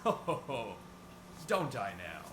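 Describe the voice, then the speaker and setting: Battle-ready Santa, calm and sure of himself, a man reading him in an echoey, noisy room. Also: mid-range voice, slow pace. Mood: resolute. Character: heroic warrior Santa, calm and confident.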